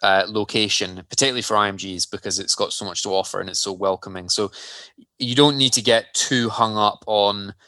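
A man's voice: fairly low pitch, fairly even intonation, a little fast, pushed and bright, no echo. A man co-hosting a podcast, explaining things in plain, friendly terms with some self-deprecating humour. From Scotland. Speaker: podcast co-host. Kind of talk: casual explanatory chat.

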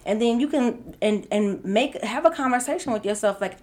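A woman's voice: fairly high pitch, moderate pace, hardly any pauses, darkish tone. A woman co-hosting a podcast in casual chat, talking with emphasis and laughing often. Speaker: podcast co-host.

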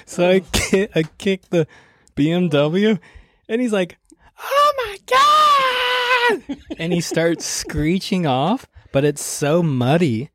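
A man's voice: fairly high pitch, takes it slowly, a little mellow, no room sound. A young adult man, a pro surfer, telling stories in casual chat with lots of laughter and surfer slang. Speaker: pro surfer and podcast guest. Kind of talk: casual chat, animated storytelling.

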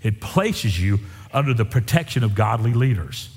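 A man's voice: lowish voice, sing-song, normal speed, darkish tone, slightly rough. A man preaching a sermon as pastor, in a folksy, emphatic style with lots of repetition. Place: church sanctuary. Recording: long reverb of a church hall.

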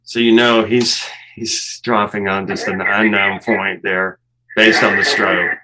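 A man, a former fighter pilot, calmly explaining cockpit footage step by step and laughing at himself now and then. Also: fairly low pitch, a little slow, background noise. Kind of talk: walking through cockpit footage.

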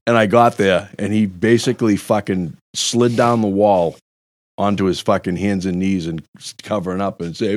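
A man telling a profane, animated story among friends, acting out the quotes. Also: fairly low pitch, moderate pace, dry recording.

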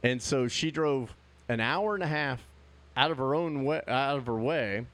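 A man's voice: mid-range voice, normal speed, a bit bright, no echo. A middle-aged man co-hosting a casual podcast, telling stories animatedly and laughing often. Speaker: podcast co-host. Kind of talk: casual chat.

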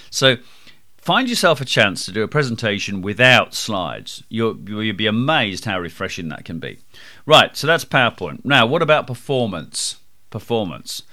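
A man with a booming, projecting voice coaches listeners on presenting. His pitch sits a little low but swings widely, and his tone is bright and forceful. He leans on key words and drops into slow, deliberate phrases. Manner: lively, emphatic, varies pace and loudness for effect. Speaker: podcast host. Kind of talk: presentation skills advice podcast.

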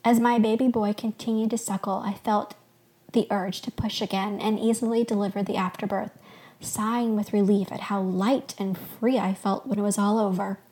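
A woman podcast host reading her own fictional story aloud, soft and expressive. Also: mid-range voice, moderate pace.

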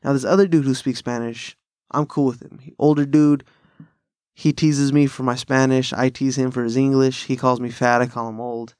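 A man's voice: medium pitch, little pitch movement, normal speed, darkish tone, clear, resonant tone, dry recording, studio quality. A man, hosting a podcast in casual chat and telling rambling, profane stories with a laugh. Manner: profane, rambling bro-style storytelling with frequent laughs. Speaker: podcast host.

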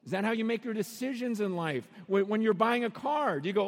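A pastor preaching a sermon in a conversational, questioning way, now and then acting out quotes. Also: male voice, sits high, lively intonation, fairly quick, hardly any pauses. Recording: long hall reverb.

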